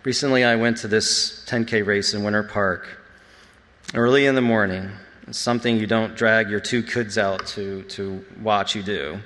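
A man's voice: lowish voice, steady tone, normal speed, a bit bright, slight background noise. A man giving an earnest, reflective personal testimony as a church speaker. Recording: long reverb in a big hall.

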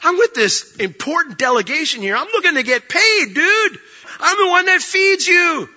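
A man's voice: high voice, animated, moderate pace, bright, forceful tone, husky, pitched above the performer's own voice, exaggerated voice. A man voicing a greedy, self-important male prophet who scolds indignantly. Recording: dull sound with long hall reverb.

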